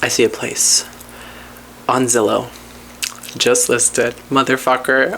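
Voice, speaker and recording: A podcast host telling a personal story in casual chat, candid and profane, rambling with asides and swinging between low mutters and excited highs. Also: takes it slowly, a little hiss or hum.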